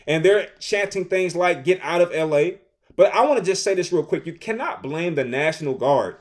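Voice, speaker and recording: A man in his thirties giving casual opinion commentary, animated and repetitive, with slang. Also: high-pitched, normal speed. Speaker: commentary host.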